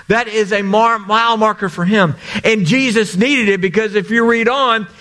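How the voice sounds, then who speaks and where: A man's voice: high-pitched, a bit bright. A man preaching a sermon as pastor, earnest and repeating phrases for emphasis.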